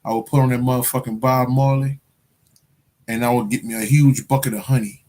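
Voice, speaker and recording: A man talks loosely and casually to his viewers, swearing freely and doubling back on his words. His speech sits at an ordinary middle pitch, never forced, like an easygoing chat in front of the camera. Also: fairly even intonation, brisk, dark tone, a little hiss or hum. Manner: loose, profane street slang, repeats phrases. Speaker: spiritual livestream host. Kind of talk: casual livestream chat answering viewer questions.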